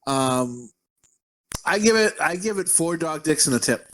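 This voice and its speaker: A man's voice: a little high, animated, unhurried, a bit bright. A man co-hosting a podcast, bantering crudely and laughing a lot. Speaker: podcast co-host. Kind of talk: casual podcast chat.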